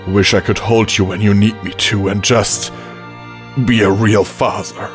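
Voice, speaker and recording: A man as a gentle dying stallion father. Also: on the low side, flat delivery, measured pace, faint music behind, natural voice. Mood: tender. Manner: soft, tender and quiet. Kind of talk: audiobook character voice.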